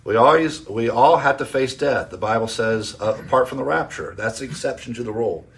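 A man preaching an expository sermon in a teacherly way, quoting scripture and pausing with frequent fillers. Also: medium pitch, gravelly. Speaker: pastor.

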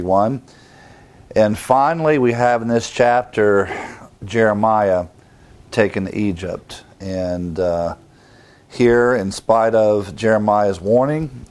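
A pastor teaching through a Bible passage verse by verse, in a deliberate and measured way, stressing repeated words. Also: male voice, fairly low pitch, a little mellow. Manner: deliberate, measured reading with emphatic repetition.

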